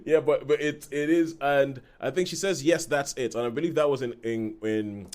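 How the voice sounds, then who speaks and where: A man co-hosting a film podcast, chatting casually with rambling restarts and quick laughs. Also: medium pitch, darkish tone. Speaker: podcast co-host. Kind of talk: casual film review chat.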